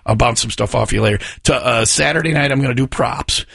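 A man's voice: medium pitch, quick pace, gravelly, breathy edge. A man hosting a radio show, joking and bantering loosely with his co-hosts. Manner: joking, animated, talks over others. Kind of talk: casual studio banter.

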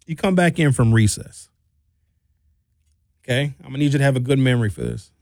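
A man's voice: medium pitch, fairly quick, no echo. A man in his fifties talking in a casual monologue, blunt and profane, acting out quotes as he tells stories. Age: 50s. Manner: animated storytelling with acted-out quotes. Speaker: commentator.

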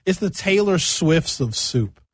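A young man hosting a radio show, chatting casually with jokes and quick tangents. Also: a little high, slightly rough, dry recording. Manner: animated, jokey, jumps between tangents. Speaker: radio host.

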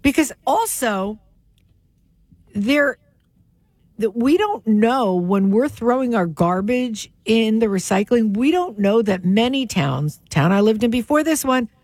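A woman co-hosting a radio show, talking in a chatty, joking way with quick asides. Her voice sits a little high for a woman, and the studio sound is close and dry. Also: very animated, darkish tone, no room sound. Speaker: radio co-host. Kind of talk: casual radio banter.

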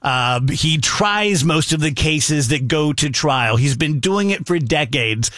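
A middle-aged male host tells a story in a casual, animated way, voicing the people he talks about. His voice sits a little high, and the recording is dry and close to the microphone. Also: slow pace, dry recording. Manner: animated, acts out both sides of a phone call. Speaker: radio show host.

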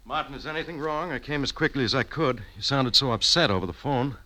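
An actor playing a reassuring family doctor in a 1940s-style radio drama. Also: male voice, medium pitch, fast, sharp tone, faint music behind, close to an everyday voice.

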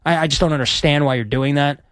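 A man's voice: a little high, fast, a bit bright, dry recording. Chatty man hosting late-night sports radio. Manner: rambling, chatty, self-deprecating. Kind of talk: casual radio chat. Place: radio studio.

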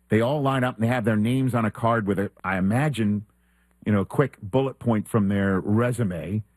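A male sports talk host with a slightly husky voice tells a story in a relaxed, chatty way. He slips into the voices of the people he quotes, and the studio sound is close and dry. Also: on the low side, no room sound. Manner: animated storyteller who acts out quoted exchanges. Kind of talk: casual anecdote telling.

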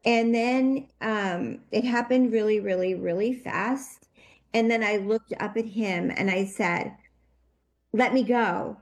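A woman telling a personal story in an interview, her voice shaky with emotion and her telling halting and full of restarts. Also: mid-range voice. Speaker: interview guest.

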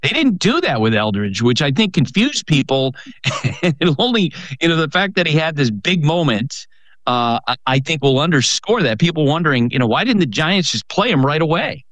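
A man's voice: on the high side, big pitch swings, normal speed, a bit bright, dry recording. A man hosting a sports talk show, analyzing a player in a conversational way.

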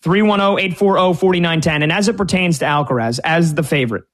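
A man's voice: fairly high pitch, brisk, a bit bright. A man giving opinionated, rambling sports betting commentary on a tennis tournament as a show regular. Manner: opinionated, rambling, many restarts.

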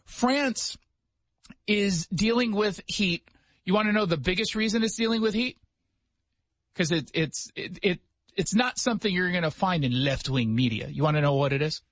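Sarcastic high-voiced male radio host. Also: no echo. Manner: sarcastic, joking, quick asides. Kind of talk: casual talk show banter. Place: radio studio.

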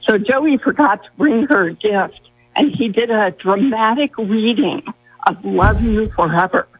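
A woman's voice: medium pitch, measured pace, breathy edge. A woman calling in to a radio show, giggly and gushing. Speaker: caller. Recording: tinny phone line.

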